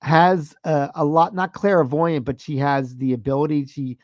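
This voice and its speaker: A man in his thirties, a podcast co-host, telling a story in a profane, animated, casual way. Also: a little high, unhurried, no room sound, muffled recording.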